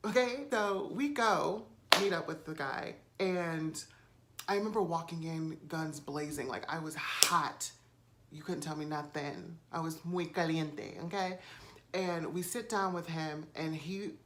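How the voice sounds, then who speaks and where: A woman's voice: sits low, unhurried, background noise. A woman vlogger recording on a phone camera at home, telling a story casually with lots of fillers and swearing. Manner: chatty, swears freely, many fillers.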